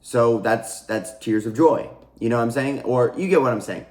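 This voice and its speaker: A man's voice: medium pitch, normal speed, darkish tone, roomy sound. A man giving a casual spiritual teaching monologue, earnest and repetitive, restarting phrases and addressing his viewers as guys. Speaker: spiritual coach and channel host.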